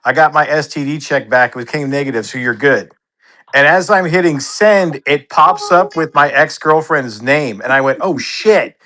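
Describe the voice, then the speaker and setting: Bright-voiced man telling a story. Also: on the high side, moderate pace, a little hiss or hum. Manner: laid-back anecdote teller who swears freely. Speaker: participant in an online chat. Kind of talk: casual chat.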